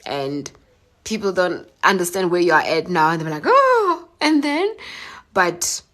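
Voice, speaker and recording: A woman's voice: fairly low pitch, a bit bright. A young woman, teary after crying, talking earnestly and emotionally on a phone live stream and answering comments. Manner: emotional, heartfelt, halting with fillers.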